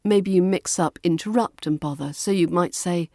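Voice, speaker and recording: A British woman hosting a pronunciation lesson podcast, speaking clearly and slowing down to model words. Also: lowish voice, mellow, no room sound, clean studio sound. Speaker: podcast host and pronunciation teacher.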